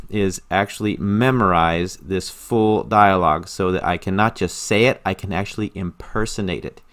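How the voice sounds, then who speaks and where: A man's voice: fairly low pitch, a bit bright. A man explaining how he studies a language with audio lessons, in an earnest, enthusiastic manner, often repeating words for emphasis. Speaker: language learner explaining his study method. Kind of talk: casual screen-recorded tutorial.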